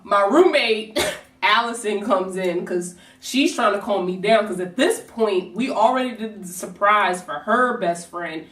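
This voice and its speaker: Brief: woman vlogger, casual, expressive storyteller, mid-range pitch, recorded in a reverberant room. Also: a little slow. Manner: animated, swears, acts out quotes. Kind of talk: storytime vlog. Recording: roomy echo, distant from mic.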